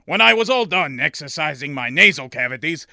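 A man's voice: fairly high pitch, animated, fairly quick, vocal fry, sharp tone, dry recording, studio quality. A man narrating a comedic story as a shopkeeper, in a prim, overly formal, mock-pompous way.

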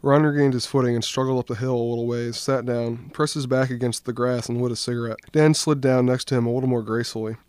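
A young man, a student, reading his own short story aloud in a steady, even storytelling voice. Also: mid-range voice, fast talker, hardly any pauses, clean tone, no room sound. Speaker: student reader.

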